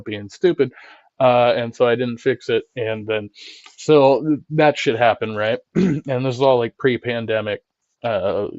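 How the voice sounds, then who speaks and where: A man's voice: medium pitch, no echo, muffled recording. A man hosting a live stream who rambles conversationally, often checking in with "right?", swearing and laughing as he reads chat. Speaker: streamer and channel host. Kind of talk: casual live-stream commentary, reading chat.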